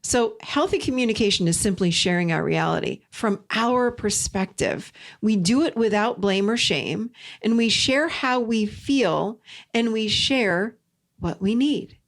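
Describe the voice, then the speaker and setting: A woman's voice: medium pitch, measured pace. A woman host giving relationship advice in an earnest, emphatic storytelling manner, repeating her key points. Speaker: podcast host and relationship coach. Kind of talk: storytelling self-help talk.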